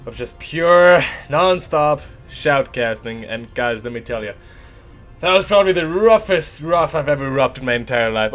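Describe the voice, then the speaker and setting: A young man, an esports shoutcaster with a sore throat, telling a rambling, animated story between matches. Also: mid-range voice. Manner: animated, rambling anecdote with lively voiced asides.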